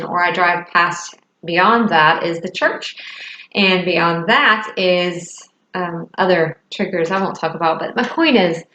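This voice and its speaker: A woman telling a personal story to the camera in a reflective, halting way, with hesitant fillers and soft laughs. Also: fairly low pitch, roomy sound, slight background noise, rough recording. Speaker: vlogger. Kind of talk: personal confessional vlog.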